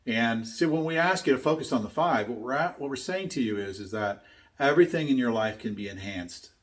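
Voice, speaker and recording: A man's voice: mid-range voice, lively intonation, brisk. An older man giving a motivational talk. He tells a story in an earnest, emphatic way and repeats his key points. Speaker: speaker teaching his own method.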